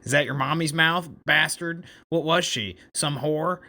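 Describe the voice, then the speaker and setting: A man's voice: on the high side, measured pace, pushed and bright, pitched above the performer's own voice, full character voice. A man voicing a nasty teenage bully recruit with an unpleasant, sneering voice in a podcast table read. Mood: taunting. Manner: sneering, taunting.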